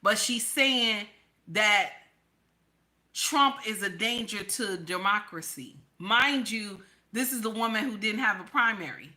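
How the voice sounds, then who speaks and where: A woman from the New York / New Jersey area speaks directly to viewers in a casual political commentary vlog. Her medium-pitched voice is bright and forceful, animated yet a little slow, on a rough recording. An online commentator, she's blunt and emphatic, repeating lines again and again for stress.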